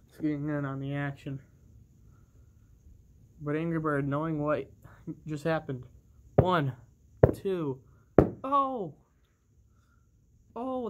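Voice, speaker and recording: A commentator calling a toy wrestling match with excitable bursts of oohs and laughter. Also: mid-range voice, takes it slowly, pauses often. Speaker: play-by-play commentator.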